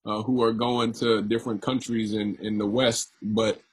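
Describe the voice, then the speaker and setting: A man's voice: on the low side, level tone, normal speed, slightly rough. A man interviewing a guest, asking long rambling questions with many fillers. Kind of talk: conversational interview.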